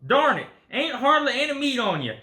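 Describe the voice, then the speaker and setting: A man's voice: very high-pitched, very animated, fairly quick, sharp tone, reverberant, voice pushed up, exaggerated voice. A man voicing a hungry old male hillbilly captor in a put-on Southern hillbilly accent, folksy and drawling. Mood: gleeful menace. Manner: folksy, drawling, gleeful menace.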